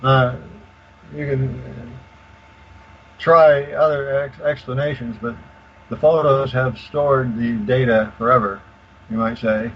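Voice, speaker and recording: An older man explaining in detail as a radio guest, halting with many fillers and restarts. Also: mid-range voice, fairly even intonation, husky. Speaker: guest expert. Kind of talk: casual explanation on a call-in radio show. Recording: dull lo-fi call audio with faint hiss.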